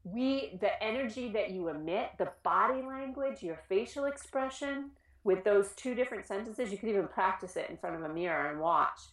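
A woman who works with children in schools, giving an informal talk on trauma, earnest and animated, often restarting her sentences. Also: mid-range voice, normal speed, few pauses, roomy sound. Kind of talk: informal educational presentation.

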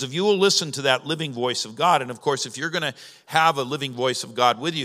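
Guy preaching a sermon, bright crisp voice, chatty teaching w big emphatic rises, long hall reverb. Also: mid-range voice. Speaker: pastor.

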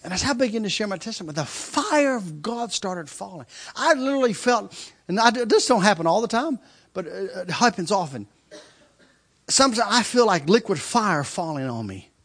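A man's voice: sits high, animated, brisk, a bit bright. A male preacher telling a story in a sermon, acting out screams and laughter as he goes. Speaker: traveling preacher.

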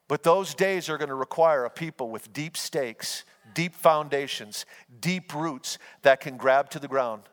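A man's voice: on the high side, a little slow, few pauses. A man preaching a sermon as pastor, telling homespun stories and urging his listeners on. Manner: folksy storytelling, earnest and exhorting. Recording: long hall reverb.

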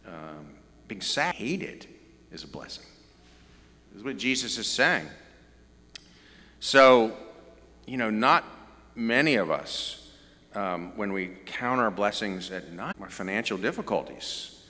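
A man's voice: on the low side, expressive, takes it slowly, long pauses, bright, forceful tone, big-room sound. A middle-aged man with a Southern US accent, preaching a conversational sermon with joking asides. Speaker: pastor.

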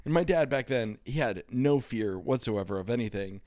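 A man's voice: mid-range voice, moderate pace, no echo, clean studio sound. A man hosting a casual comedy podcast, telling stories with lots of swearing and acting out the voices in them. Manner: animated storytelling, swearing, acts out voices. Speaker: podcast host.

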